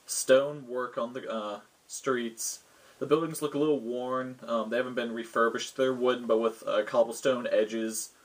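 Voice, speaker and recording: Husky man retelling his tabletop game. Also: mid-range voice, steady tone, moderate pace. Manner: rambling, loose storytelling. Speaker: game master recounting a session. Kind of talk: casual recounting of a tabletop game.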